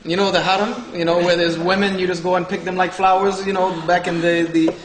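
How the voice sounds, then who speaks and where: This man from the Southern US speaks a little fast in a high voice with flat delivery, telling a humorous personal story to an audience. Joking, he acts out the dialogue of others, recorded in an echoey hall with faint ambience.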